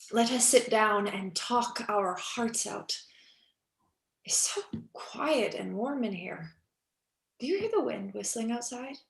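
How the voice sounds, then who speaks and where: A woman reading the part of a weary, heartsick young actress in a cold reading over a video call, wistful and shifting between hushed and urgent. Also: mid-range voice, creaky. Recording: echoey room on a video call.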